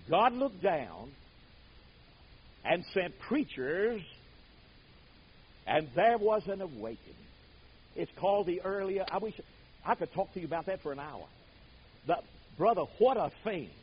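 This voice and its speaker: An older man preaching a sermon, telling stories dramatically, booming out some words and dropping others to a hush. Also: husky, dull audio. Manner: dramatic storytelling, swings from booming to hushed.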